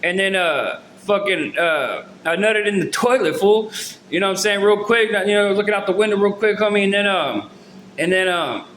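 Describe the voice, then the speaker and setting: A man with a high, slightly bright voice talks at normal speed, with a little hiss or hum in the background. He tells his viewers a long personal story straight to camera in loose slang, rambling, restarting sentences, and leaning on fillers. The recording has a roomy echo.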